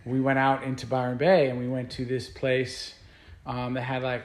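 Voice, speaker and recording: A man's voice: medium pitch, completely flat delivery, normal speed, roomy sound. A man who is a guest musician, telling stories in a casual interview, rambling along with many fillers and restarts.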